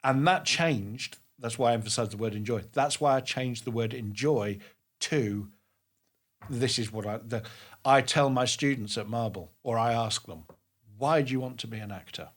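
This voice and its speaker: Animated, emphatic man in his fifties. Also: mid-range voice, normal speed. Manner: animated, emphatic, chatty with many restarts. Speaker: drama tutor and guest. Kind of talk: casual interview storytelling.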